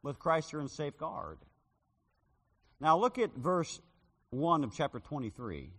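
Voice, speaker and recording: A male preacher delivers a sermon with a lively, swooping delivery and a bright, forceful tone. His voice rings out with a long reverb, as if he is in a large hall. He slips into dramatic voices when retelling stories. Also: fairly high pitch, unhurried, slightly rough. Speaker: street preacher. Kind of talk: sermon with personal story.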